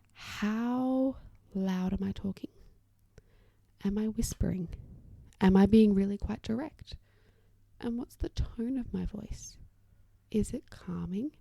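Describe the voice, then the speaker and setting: A young adult woman hosting a solo podcast as an occupational therapist, chatty and reassuring, often dropping to a soft whisper as she explains parenting strategies. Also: medium pitch, creaky, dry recording.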